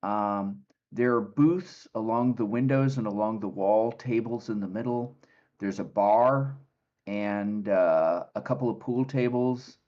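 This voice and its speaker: A man narrating as game master for a tabletop game, relaxed and halting with many fillers. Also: fairly low pitch, muffled recording.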